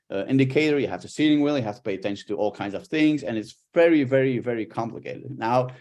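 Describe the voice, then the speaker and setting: Middle-aged male coach, live workshop delivery, animated intonation, mid-range pitch. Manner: expressive, lively intonation, talks with hands. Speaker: body language coach.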